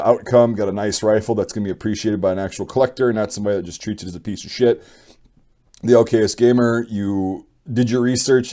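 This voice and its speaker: A man's voice: lowish voice, dark tone. A young man hosting his channel, bluntly giving opinions and reading viewer stories in a rambling, casual way. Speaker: channel host.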